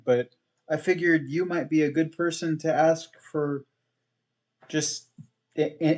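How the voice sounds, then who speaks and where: A man's voice: a little high, darkish tone. A man role-playing his character in a tabletop game, speaking hesitantly and politely, with frequent stammers. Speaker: player.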